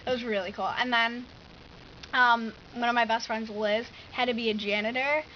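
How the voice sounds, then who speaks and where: A teenage girl telling a story in a casual vlog, chatty and animated, full of "like.". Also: on the high side, normal speed, highs cut off, slight background noise. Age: teens. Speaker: vlogger.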